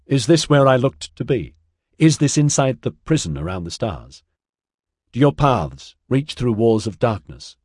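A man reading an audiobook, voicing an ancient, sad female alien who speaks in slow, lilting riddles. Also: medium pitch, very animated, a little mellow, slightly rough, dry recording, studio quality. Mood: mournful. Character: ancient serene female alien singer, mournful.

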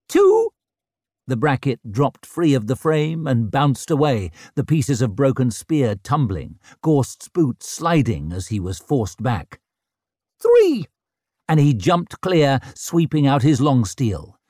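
A male audiobook narrator with a mid-pitched voice whose pitch rises and falls freely. He tells the story with dramatic flair. The recording is dry and close, with no room sound. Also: a little mellow, no room sound. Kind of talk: scripted narration.

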